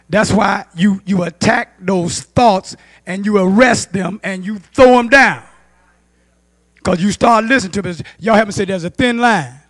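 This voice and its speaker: A male pastor, teaching a Bible study with call-and-response, rising to loud emphasis and dropping to quiet asides. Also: high voice, dry recording. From United States. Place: church.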